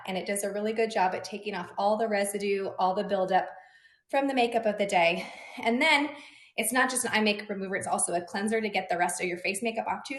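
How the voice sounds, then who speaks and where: A young adult woman, a beauty influencer, chatting brightly to her viewers while reviewing and demonstrating skincare. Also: medium pitch. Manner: bubbly, chatty, addresses viewers directly. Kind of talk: product review and demo. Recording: echoey room.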